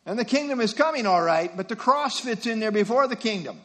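A man's voice: high voice, expressive, fairly quick, a bit bright. An older man preaching an expository sermon, teaching through verse references and rhetorical questions.

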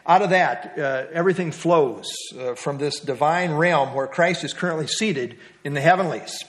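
A man's voice: fairly high pitch, normal speed, fairly bright tone. A middle-aged man teaching an evening Bible study in a conversational way, asking his listeners questions. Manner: conversational, asks the group questions.

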